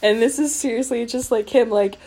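A woman's voice: fairly high pitch, fairly quick, warm tone. Sarcastic woman reading a novel aloud. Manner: sarcastic, laughs often. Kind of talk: reading aloud with mocking commentary.

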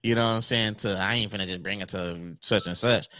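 A man's voice: lowish voice, steady tone, a little fast, sharp tone, smooth. A married man co-hosting a casual podcast chat, telling laid-back stories with slang. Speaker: podcast co-host.

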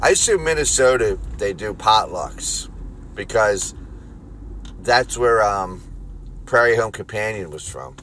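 A man with a Philadelphia accent hosting a solo podcast from his car, rambling crudely and jokingly between loud bursts and mutters. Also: on the low side, lively intonation, a little slow, slight background noise. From Philadelphia area. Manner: rambling, crude, jokey, swings loud and quiet. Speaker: podcast host. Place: car on the road.

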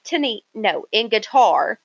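A woman's voice: medium pitch, very animated, a little slow, vocal fry, slightly rough, dry recording. Chatty woman in dry casual talk. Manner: chatty, retells a show in detail. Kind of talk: casual chat.

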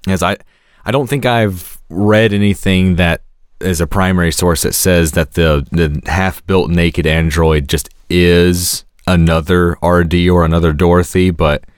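A man co-hosting a podcast, talking slowly and reflectively with hesitations. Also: deep voice, steady tone, smooth, no room sound, studio quality. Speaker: podcast co-host. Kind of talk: casual chat.

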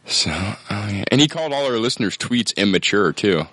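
A man's voice: fairly low pitch, expressive, a little fast, pushed and bright, dry recording. A man co-hosting a casual podcast, joking around and laughing readily. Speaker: podcast co-host.

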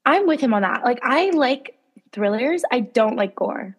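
Husky-voiced young woman co-host. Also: fairly high pitch, animated. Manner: quick, filler-heavy talk with lots of "like". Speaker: podcast co-host. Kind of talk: casual chat.

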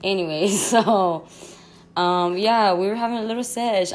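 A woman's voice: mid-range voice, a little slow, a little hiss or hum. A young woman hosting a podcast, telling a rambling storytime at home in a casual, slangy way with frequent laughs. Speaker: podcast host. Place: her home.

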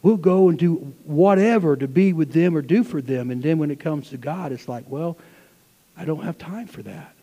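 A man preaching a sermon to his church, swinging between loud, fervent passages and hushed asides. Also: a little high, normal speed, in a large hall, muffled recording. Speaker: pastor. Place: church sanctuary.

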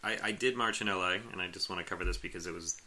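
A man's voice: sits low, rapid-fire, sharp tone. A man in his late thirties telling a long rambling story in casual chat, laughing often and acting out what people said. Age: late 30s.

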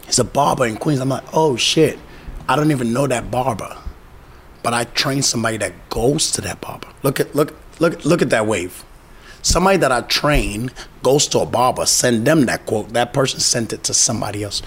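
A man's voice: medium pitch, animated, a little fast, a bit bright, a little hiss or hum. A boxing trainer in casual conversation, talking emphatically, repeating his key phrases and acting out the people he quotes.

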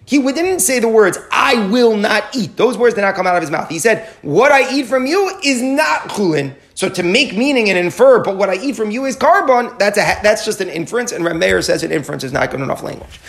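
A man's voice: high voice, expressive, quick pace, gravelly. A man teaching a Talmud study class, walking through the argument step by step, quoting short phrases and translating them, often repeating key words as he goes. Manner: quotes short Aramaic phrases, then translates.

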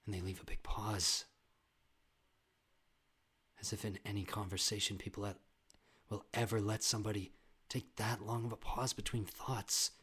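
A man rants comedically as a podcast host, swinging between quick asides and loud outbursts. His voice sits a little low and he swears freely. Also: little pitch movement, husky. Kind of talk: comedic rant.

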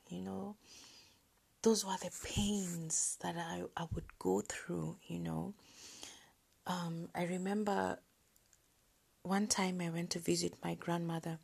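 On her podcast, a woman shares a personal story in a soft, breathy voice that's almost a whisper. She sounds hesitant, halting often with many pauses, and her pitch sits on the low side with a flat delivery.

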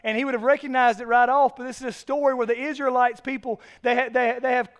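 A male pastor delivering a sermon in a high-pitched voice. He tells stories in an animated way and rises to loud, forceful emphasis. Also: quick pace, clean tone, lo-fi sound.

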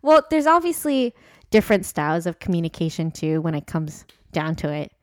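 A woman's voice: fairly low pitch, sing-song, normal speed, dry recording, studio quality. Playful young woman podcast co-host. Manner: agreeable, lots of backchannel, playful. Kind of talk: casual chat.

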